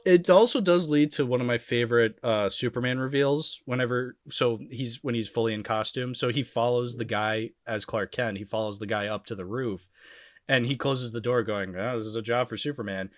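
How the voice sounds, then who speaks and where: Man, casual podcast chat, mid-pitched, dry close mic, frequent laughs. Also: moderate pace, no echo. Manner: chatty, laughs often, many restarts. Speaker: podcast panelist.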